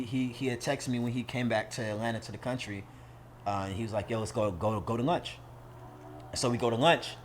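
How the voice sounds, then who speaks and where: Telling a story as a podcast guest, a man from St. Louis, United States, keeps it casual and slangy, cursing freely and animatedly acting out quoted lines at full volume. His voice is medium-pitched, and a little hiss or hum can be heard.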